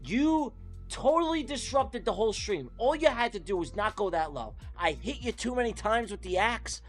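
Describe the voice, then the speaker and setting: A man with a high, very animated voice, speaking at normal speed over faint music, hosts a live trading stream. Exasperated and profane, he vents and swears while walking his chat through a trade that went wrong.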